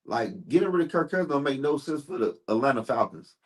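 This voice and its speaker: A man's voice: medium pitch, very animated, quick pace. A man hosting a live sports stream, ranting heatedly and profanely while answering his chat.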